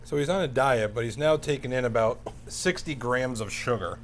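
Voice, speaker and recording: A man on a comedy talk show, tossing off dry, quiet retorts. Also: medium pitch, normal speed, a little hiss or hum. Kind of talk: casual comedic banter. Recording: quiet voice from far off the mic, faint room sound.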